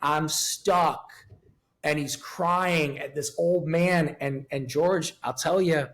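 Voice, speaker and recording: Man, 50s, interview guest; profane, emotionally raw, slightly high voice. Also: fairly even intonation, slow pace. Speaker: podcast guest. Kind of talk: candid interview talk.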